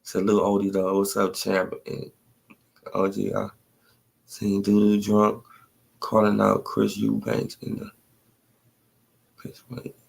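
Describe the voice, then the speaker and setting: A man's voice: fairly low pitch, slow pace, creaky, long pauses, breathy edge. A man hosting a casual livestream, talking in loose slang with plenty of swearing and filler words. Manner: slangy, profane, rambling talk with lots of "bro" and "man". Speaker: livestream host. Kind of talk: casual livestream commentary on boxing.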